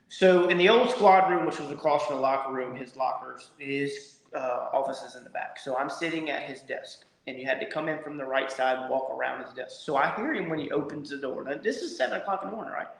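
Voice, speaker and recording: A middle-aged man, a former college pitcher telling lively stories as a podcast guest and acting out quotes. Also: gravelly. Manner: animated storyteller, acts out quotes. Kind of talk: casual storytelling. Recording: echoey room.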